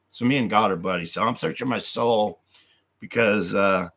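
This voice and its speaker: Man, live-stream rant, low gravelly voice, profane, reads out comments and argues back. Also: moderate pace, sharp tone, slight background noise. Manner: angry, profane, reads hostile comments aloud and rebuts them; speaks of God and his own story with heavy conviction.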